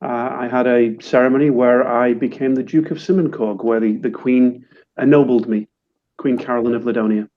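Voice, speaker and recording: A man's voice: mid-range voice, fairly even intonation, normal speed. A man, a panel guest on a webinar who answers in a dry, understated way. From northern England. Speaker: panel guest, marketing executive. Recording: dull lo-fi audio.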